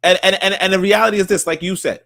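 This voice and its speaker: A man with a fairly high voice talks in a loose, rambling way, looping back over his own phrases and swearing freely. His voice is recorded very dry and close, with no room sound. He sounds like a podcast guest arguing his point. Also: fairly even intonation, fast, vocal fry, sharp tone, no echo. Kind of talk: casual debate talk.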